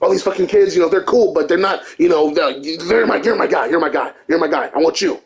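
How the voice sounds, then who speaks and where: Guy putting on loud old agent dude, flattering, repeats himself, talks fast. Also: fairly high pitch, creaky. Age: older. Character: loud flattering older Italian-American male talent agent.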